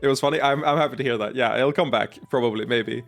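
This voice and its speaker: A chatty man streaming a game, laughing and teasing himself between lines. His voice sits at an everyday pitch, with a faint layer of music playing underneath. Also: fast talker, vocal fry. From Sweden. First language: Swedish. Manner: chatty and self-mocking, laughs often. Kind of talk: gameplay commentary.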